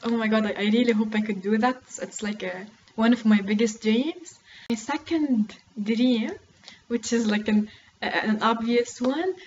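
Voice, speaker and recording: A woman's voice: a little high, highs cut off, a little hiss or hum. A young woman chatting to her camera at home, giggly and rambling, full of "like" and "oh my God". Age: young adult. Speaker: beauty vlogger. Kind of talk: casual chat to camera. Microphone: camera close to the face.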